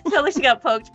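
A woman's voice: sits high, a bit bright. Joking woman on a dull mic. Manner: dry joking asides with giggles. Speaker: co-player. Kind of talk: casual gameplay commentary. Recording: dull lo-fi recording.

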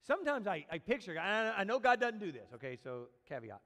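A man preaching a sermon as a pastor, animated, acting out quoted voices and speaking directly to his congregation. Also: high voice, a little fast, gravelly, slight background noise. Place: church sanctuary. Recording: long church reverb.

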